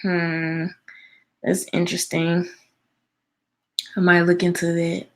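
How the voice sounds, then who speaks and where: A woman's voice: lowish voice, monotone, takes it slowly. A young woman hosting a live stream, chatting casually with viewers and reading their comments aloud, full of fillers.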